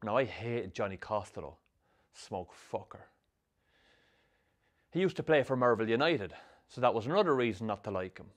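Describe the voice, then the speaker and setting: An actor narrating a film as a troubled young Irish man with a Sligo accent, telling his rough youth in a dry, sardonic way. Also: on the low side, animated, normal speed, pauses often, close to an everyday voice. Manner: dry, sardonic storytelling with strong swearing. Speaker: narrator, the film's lead. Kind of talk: scripted film voice-over.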